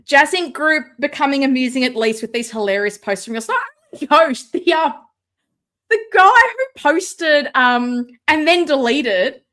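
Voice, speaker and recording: A woman hosting a live stream from home, chatting casually, excitable and sarcastic, sometimes shouting. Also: high voice, measured pace. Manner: excitable, sarcastic, loud at times. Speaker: livestream host. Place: home room with ring light. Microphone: no mic close by, computer setup.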